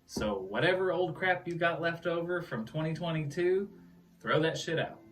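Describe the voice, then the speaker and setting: A man's voice: on the high side, lively intonation, normal speed, fairly bright tone. A man with a Midwestern accent co-hosting a tarot reading, loose and joking, laughing often and swearing casually. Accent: Midwestern American. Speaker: tarot reader, co-host. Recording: distant mic with music underneath.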